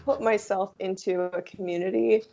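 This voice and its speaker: A woman's voice: mid-range voice, steady tone, normal speed, gravelly, dark tone, dull audio. A young woman, a native Russian speaker, chatting as a guest in a casual video interview, talking with lots of "like" fillers. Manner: chatty, laughs often, many "like" fillers. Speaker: guest, language YouTuber.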